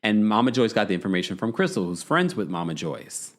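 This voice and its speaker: A man hosting a podcast, casually recapping a reality show in an animated, gossipy way and laughing often. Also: fairly low pitch, a little fast. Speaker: podcast host.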